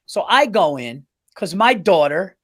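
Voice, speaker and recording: An animated man with a fairly high voice tells a story on a casual podcast, swearing often. His delivery is chatty and lively, and he quotes what other people said as he goes. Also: a little slow. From United States. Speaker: podcast co-host. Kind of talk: casual chat.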